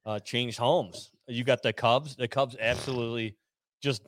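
A man's voice: mid-range voice, fairly even intonation, a bit bright, no room sound. Teasing man cutting in with questions. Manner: teasing, interjecting with quick questions. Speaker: podcast co-host. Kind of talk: casual chat.

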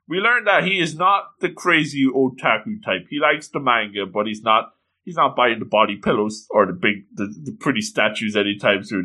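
A man excitedly recapping an anime episode, often breaking into exclamations. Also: medium pitch.

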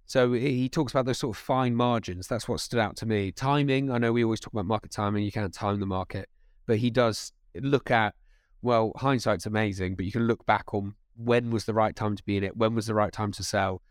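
A man co-hosts a podcast in casual conversation. He speaks quickly and animatedly, often restarting sentences, in a dry, close studio sound. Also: lowish voice, clear, resonant tone, dry recording. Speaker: podcast co-host. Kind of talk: casual chat.

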